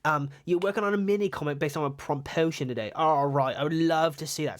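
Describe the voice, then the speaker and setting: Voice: medium pitch, quick pace, hardly any pauses. A young adult art streamer chatting casually on a livestream, rambling, giggling often and swearing offhand.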